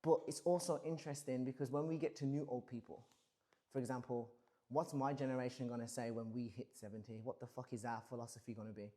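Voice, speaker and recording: A man's voice: medium pitch, steady tone, quick pace, warm tone. A man in his thirties musing casually and profanely on a livestream, rambling through big questions. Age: 30s. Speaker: streamer.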